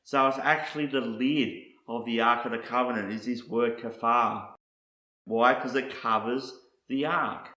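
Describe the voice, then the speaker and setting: A man teaching Bible word meanings in a deliberate, scripted way, setting out one meaning after another. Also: medium pitch, fairly even intonation, sharp tone, roomy sound.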